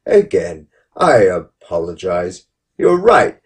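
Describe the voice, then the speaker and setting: A man's voice: wildly swooping pitch, takes it slowly, far from the mic, heavily acted. A man voicing a theatrical, mock-polite commenter, mocking with exaggerated politeness. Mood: sarcastic. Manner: exaggerated sarcastic politeness, rising high pitch.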